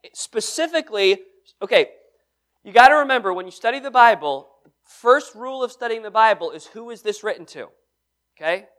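Guy preaching, reads verses out loud then asks the room questions. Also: high-pitched, lively intonation, a little fast. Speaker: pastor. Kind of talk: sermon.

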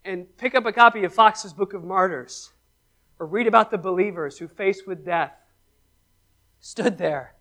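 A preacher giving a sermon who asks the congregation questions, calls for amens, and swings between loud exhortation and hushed emphasis. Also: mid-range voice, a little slow, pauses often.

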